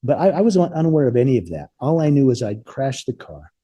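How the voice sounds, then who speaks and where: A man with a very dark, mellow voice that has a husky edge, heard in a dry room with no echo. He tells a personal story as an interview guest. His delivery is halting and earnest, with frequent repeated words. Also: mid-range voice, big pitch swings.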